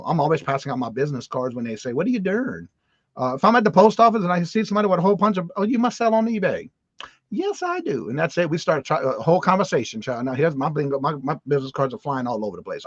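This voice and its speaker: A man from Louisiana, a guest reseller, chatting casually and telling animated stories. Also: fairly high pitch, rapid-fire, hardly any pauses, no room sound. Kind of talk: casual livestream chat. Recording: dull dry audio.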